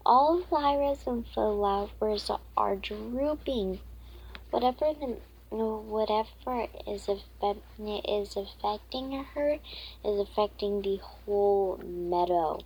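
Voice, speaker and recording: A woman voicing a young female chocolate fairy in a storybook reading, with halting phrasing. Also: mid-range voice, a little mellow, breathy edge, low-quality recording. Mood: worried. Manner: halting, stumbling delivery.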